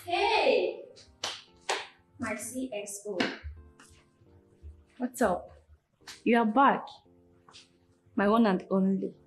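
A woman's voice: medium pitch, sing-song, very slow, pauses often, over music. A woman in a comedy skit, speaking sweetly to her partner. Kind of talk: Nollywood comedy skit acting.

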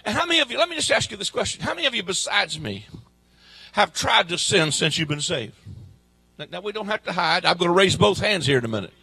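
A man preaching a fervent sermon at a church service, swinging from shouts to quiet asides in folksy grammar. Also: high voice, sing-song, fast talker, breathy edge, dry recording. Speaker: guest preacher.

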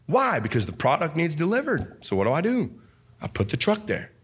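A young man preaching from the pulpit with a fairly high voice. He hammers phrases over and over, bursting into shouts before dropping low and quiet. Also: wildly swooping pitch, brisk, slightly rough. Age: young adult. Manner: fervent, repetitive preaching with sudden shouts and drops. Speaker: pastor. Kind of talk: sermon.

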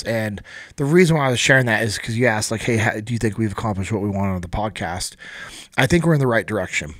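A man's voice: on the low side, dry recording, studio quality. A man hosting a podcast, chatting casually and laughing while he retells stories from a group chat. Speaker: podcast host.

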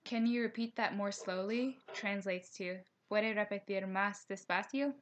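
A woman's voice: medium pitch, slight background noise. Woman narrating a slideshow lesson. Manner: reads slides aloud at a steady pace, with careful slowed pronunciation notes. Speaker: teacher.

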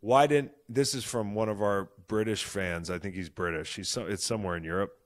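A man in his thirties hosting a podcast, talking in excitable, profane, jokey banter. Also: on the low side, fairly quick. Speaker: podcast host. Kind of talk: casual chat.

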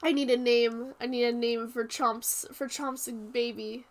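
A woman streaming a farming game, chatting casually and squealing with excitement over cute animals. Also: on the high side, measured pace. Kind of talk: casual gameplay chat. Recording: game music playing underneath.

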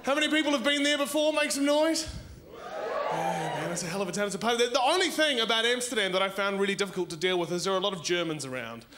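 A young man performs stand-up on a live comedy stage. His voice is fairly high for a man, and he tells stories in an animated way, often laughing as he goes. There is a faint hiss of noise behind him. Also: fast. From New Zealand.

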